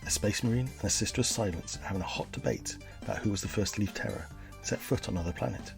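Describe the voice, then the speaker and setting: A man with a low voice hosts a comedy podcast. He delivers his jokes and history bits in a deadpan, mock-earnest way. Faint music plays behind him. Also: quick pace, creaky. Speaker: podcast host.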